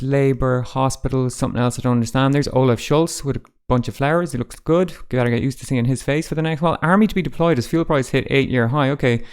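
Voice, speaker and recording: Man, newspaper roundup host, quick delivery, smooth clear voice, wry and sarcastic. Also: medium pitch, darkish tone. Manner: dry, sarcastic asides. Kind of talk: casual front-page newspaper roundup.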